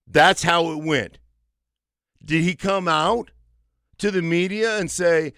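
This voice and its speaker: A man's voice: fairly high pitch, sing-song, slow pace, long pauses, fairly bright tone, dry recording. A man in his fifties, a former football player and radio co-host, talking sports with emphatic conviction in a studio. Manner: emphatic, tells stories with conviction.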